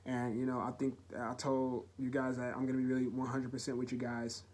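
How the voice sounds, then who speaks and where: A young man hosting his own podcast, talking earnestly and haltingly about personal struggles in a heartfelt, emotional way. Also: medium pitch, monotone, a little mellow. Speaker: podcast host. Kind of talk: solo confessional podcast talk.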